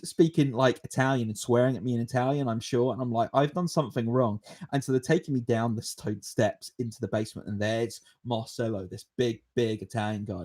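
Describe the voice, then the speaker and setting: A man in his twenties talks casually on his own podcast. He spins a long anecdote and answers viewer questions with lots of fillers and chuckles. His voice sits at an ordinary middle pitch. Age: 20s. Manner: rambling, animated, chuckles often. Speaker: podcast host.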